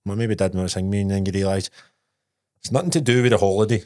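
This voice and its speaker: A man's voice: lowish voice, rapid-fire, a little mellow, no echo, studio quality. A man with a Scottish accent co-hosting a podcast, telling sweary, laughing stories in casual chat. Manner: laddish, sweary storytelling with bursts of laughter. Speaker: podcast co-host.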